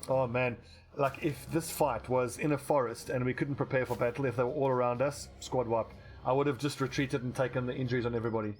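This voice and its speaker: A man's voice: medium pitch, fairly even intonation, fast talker, faint music behind. A man giving casual, rambling commentary while playing a strategy game, swearing casually and restarting his sentences. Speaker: let's play commentator.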